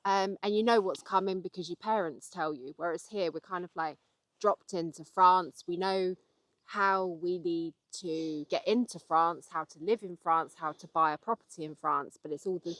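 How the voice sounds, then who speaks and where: A woman's voice: fairly low pitch, normal speed, fairly bright tone, no room sound. A young English woman vlogging with her husband in a casual chat, hesitant with many ums, explaining patiently. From England. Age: young adult.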